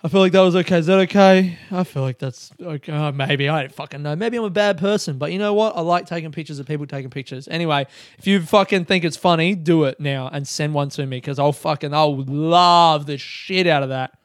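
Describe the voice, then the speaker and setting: A man's voice: fairly high pitch, a little fast, no room sound, studio quality. A young man hosting a podcast, rambling, self-mocking and swearing often as he talks alone. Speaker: podcast host. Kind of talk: casual solo monologue.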